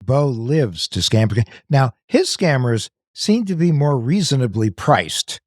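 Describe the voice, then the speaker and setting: Male co-host, mid-range voice, measured explainer with dry humor. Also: mid-range voice, sing-song, dry recording. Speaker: podcast co-host. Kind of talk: casual podcast chat.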